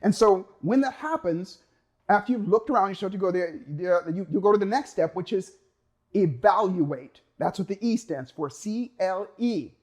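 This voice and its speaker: High-voiced, animated motivational speaker man. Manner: energetic, acts out inner voices, drawn-out emphasis. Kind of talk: motivational talk.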